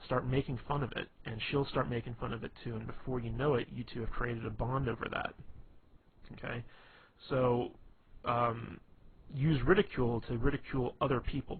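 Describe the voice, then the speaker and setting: Heard through a tinny, lo-fi, phone-like recording with a faint hiss, this man's mid-range voice comes across creaky and husky. He offers dating tips in a loose, rambling monologue, stumbling through fillers and restarting often.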